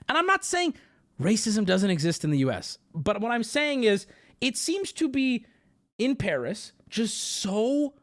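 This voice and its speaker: A man streaming live and chatting casually, ranting and swearing, and mimicking people in exaggerated voices. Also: high-pitched.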